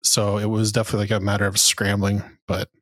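A man's voice: fairly low pitch, monotone, fast talker, fairly bright tone. A man co-hosting a casual football podcast, laid-back and rambling, swearing now and then. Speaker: podcast co-host.

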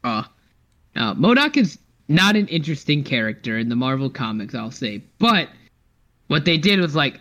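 A young man co-hosting a podcast in casual chat. He is animated, laughs often and talks with many fillers. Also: medium pitch, moderate pace, highs cut off. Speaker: podcast co-host.

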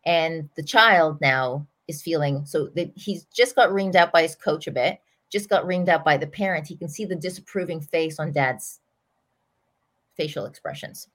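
Middle-aged lady coach telling a story, earnest and lively, lowish voice. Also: normal speed. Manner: earnest, animated, vivid example-telling. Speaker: parenting coach, podcast guest. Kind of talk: storytelling explanation in an interview.

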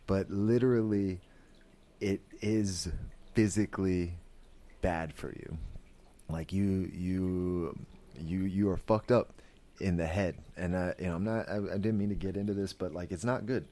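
A man with a low voice talks through his podcast in a casual, wandering way. He restarts his sentences often and fills the gaps with "like" and "you know". He sounds earnest and easily moved. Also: steady tone, measured pace, mellow. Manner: rambling, with many fillers and restarts; earnest and emotional. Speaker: podcast host. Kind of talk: casual spoken commentary.

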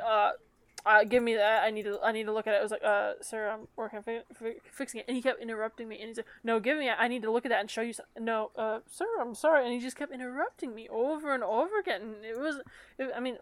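Young woman co-host, slightly high pitch, rambling casual storyteller with lots of fillers and laughs. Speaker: podcast co-host.

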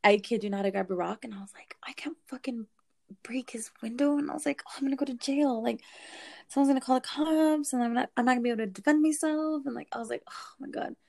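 A young woman casually telling a story, animated, swearing and laughing as she goes. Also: on the high side, rapid-fire, creaky.

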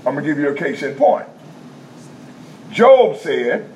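A man preaching a teaching sermon to a congregation in a somewhat high voice. He talks conversationally in vernacular speech, checks in often with his listeners and repeats key points slowly. The recording is dull and lo-fi, with a faint hum of noise behind him. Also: very animated, darkish tone.

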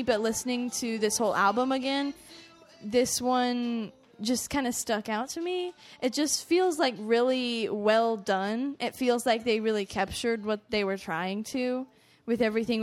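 A woman co-hosting a podcast, chatting about albums in an easygoing, frank way and laughing often. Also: a little high. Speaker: podcast co-host. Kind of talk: casual chat reviewing albums. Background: faint music playing.

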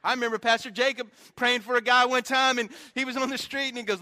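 A man's voice: very high-pitched, fairly even intonation, fast talker, sharp tone. A male pastor preaching a sermon in a church, telling stories in a chatty way and joking about his own faults. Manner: conversational storytelling with self-deprecating humor.

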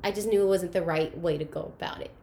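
A young woman casually telling a personal story about her school years, animated and acting out the voices of the people in it. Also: fairly low pitch, fast talker, slight background noise. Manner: animated, acts out quoted voices, laughs through emotional moments. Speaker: guest sharing her story.

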